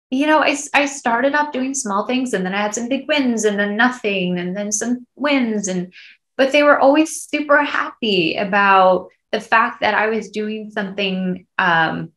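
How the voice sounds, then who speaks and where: A woman's voice: medium pitch, a little slow, a bit bright. A woman in her thirties, an actress and guest, telling her story candidly in a podcast interview, tearful at times.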